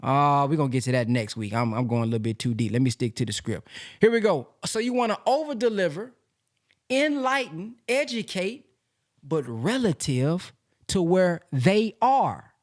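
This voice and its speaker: A man presenting a sales lesson from slides in a lively, casual way, with slang, talking straight to his audience. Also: a little high, normal speed. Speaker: presenter teaching a sales system.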